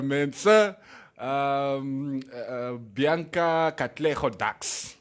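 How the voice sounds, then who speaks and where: A man's voice: mid-range voice, expressive, normal speed. A man with a Namibian accent hosting a casual morning radio show, laughing often and reading out listener comments. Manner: laughing, mixes English and Afrikaans, reads listener comments. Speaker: radio host.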